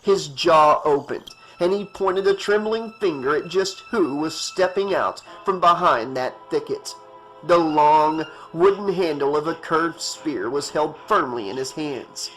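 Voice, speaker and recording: A man's voice: a little high, measured pace, a bit bright, faint music behind, rough recording. A man reading a horror novel aloud as an audiobook narrator, in a tense, dramatic way.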